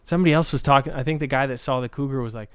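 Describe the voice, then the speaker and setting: A man's voice: mid-range voice, rapid-fire, a bit bright, smooth, dry recording. A man hosting a casual, crude podcast, telling stories animatedly, swearing often and laughing a lot. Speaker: podcast host.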